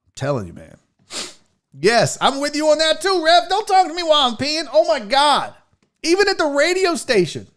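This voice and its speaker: A man's voice: extremely high pitch, moderate pace. A man hosting a casual show, ranting comically and profanely about pet peeves while reading viewer comments. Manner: profane, exasperated, animated storytelling. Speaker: show host.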